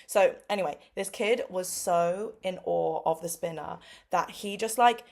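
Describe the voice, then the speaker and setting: A young woman with a London accent, in her twenties, chatting casually. She talks in a somewhat low register, packs her speech with fillers, and jumps up in pitch to act out what others said. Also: unhurried, vocal fry. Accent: London English. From London, England. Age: 20s. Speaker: English teacher vlogger. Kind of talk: casual storytime chat. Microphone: phone or laptop mic.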